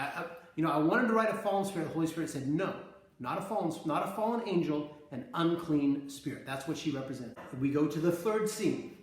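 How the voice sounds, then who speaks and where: A man earnestly retelling and interpreting his dreams in a conversational way, acting out the scenes as he goes. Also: a little high. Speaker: preacher recounting visions. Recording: very echoey room.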